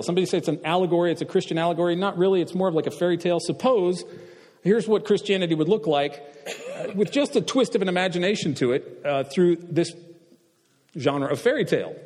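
A man's voice: fairly high pitch, darkish tone, long reverb tail. A man giving a classroom lecture, quizzing the audience as he goes. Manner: asks the audience questions, halting with fillers and restarts.

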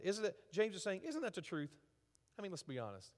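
A man preaching a conversational sermon, halting with fillers and restarts, rising to emphatic rhetorical questions. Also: sits high, wildly swooping pitch, a little mellow. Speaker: pastor. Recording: reverberant hall.

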